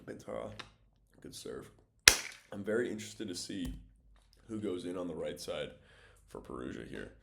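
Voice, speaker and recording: A young man talks through game footage in an easygoing, rambling way, his voice deep and gravelly with frequent fry. Mouse clicks and typing tap away behind him at the desk. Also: normal speed, pauses often, background noise. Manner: relaxed, thinking aloud with many fillers. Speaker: volleyball film analyst. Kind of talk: casual video breakdown commentary.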